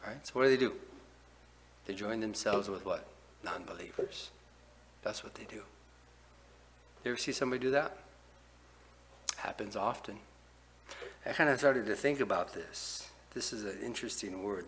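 A man preaching a verse-by-verse sermon in a low, forceful voice. He leans on rhetorical questions and keeps checking in with "right?". His delivery swings between loud bursts and quiet asides. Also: normal speed. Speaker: pastor. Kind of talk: expository sermon.

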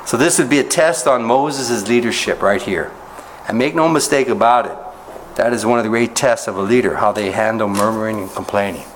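A man pastor preaching an expository sermon, talking conversationally with the congregation, often asking rhetorical questions and rising in pitch to stress a point. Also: fairly quick, a little hiss or hum, poor audio. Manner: animated rises in pitch when making a point.

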